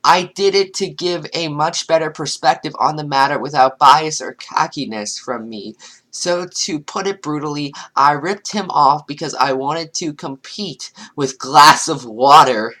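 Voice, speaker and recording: A woman's voice: deep voice, measured pace, a bit bright. A woman giving sarcastic, exasperated commentary while reading online comments aloud. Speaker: commentary youtuber.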